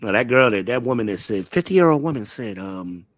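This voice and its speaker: A man's voice: medium pitch, lively intonation, a little fast, dry recording. Blunt, profane man hosting a live talk show. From Charlotte, United States. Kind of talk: casual opinionated chat.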